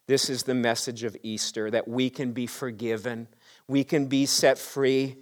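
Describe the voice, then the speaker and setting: A male pastor preaching a sermon to his congregation, swinging between excited, raised passages and hushed, quiet emphasis, with frequent rhetorical questions. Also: medium pitch, a little slow. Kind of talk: Easter sermon.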